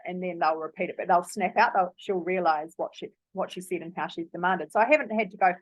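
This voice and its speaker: A woman's voice: fairly low pitch, brisk, dry recording. A woman giving parenting advice in a casual, earnest way, with frequent ums and likes. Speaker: parenting coach. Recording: dry, phone-like narrow sound.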